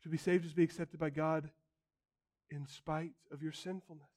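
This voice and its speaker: A man's voice: a little high, level tone, moderate pace, darkish tone. A man preaching a sermon as a pastor, emphatic, building his points through repeated phrases.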